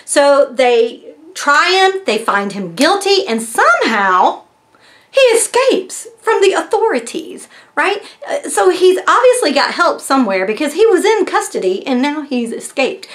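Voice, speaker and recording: Her voice sits high and a bit bright, swinging widely in pitch while keeping a measured pace. She's casually reviewing a mystery box, narrating its story with lots of fillers.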